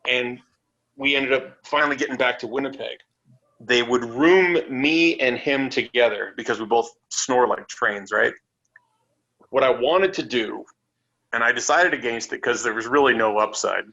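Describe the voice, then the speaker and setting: A man spinning a wild road story on a podcast, voicing everyone in it and dropping swear words along the way. His voice is bright and forward. The audio is a bit dull and lo-fi. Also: mid-range voice, moderate pace. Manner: animated, acts out voices in his stories; swears freely. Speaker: wrestler guest. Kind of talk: casual storytelling.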